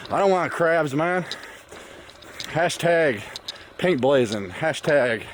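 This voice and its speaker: A man's voice: on the high side, lively intonation, takes it slowly, slight background noise. A man in his thirties from the US Midwest talks with a loose Southern drawl that slips into a Northern accent. He rambles crudely and jokes as he hikes a wooded trail, talking into a phone camera. Faint outdoor ambience sits behind his voice. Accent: mixed Southern drawl and Northern US. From Michigan, US Midwest. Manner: crude, swearing, joking, rambling. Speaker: thru-hiker vlogger. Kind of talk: casual profane trail monologue. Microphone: phone camera on trekking pole.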